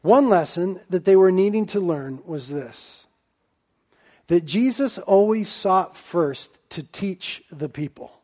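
A man delivers a sermon in a high voice. He keeps it conversational and acts out the lines of the people in the story. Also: expressive, slow, dark tone. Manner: conversational preaching with acted-out quotes. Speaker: preacher.

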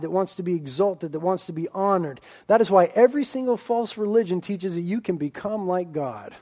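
High-voiced emphatic male preacher. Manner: emphatic preaching, swinging between loud drawn-out lines and quiet asides. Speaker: pastor. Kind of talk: sermon.

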